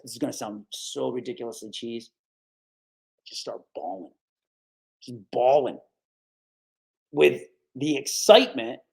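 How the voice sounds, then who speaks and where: A man in his forties from upstate New York, a sports broadcaster telling stories as a podcast guest, animated and casual, often saying "dude" and "right?". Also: fairly high pitch, vocal fry. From Capital Region, New York. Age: 40s. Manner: animated, acts out quoted voices, says "dude" and "right?" often. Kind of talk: casual storytelling interview.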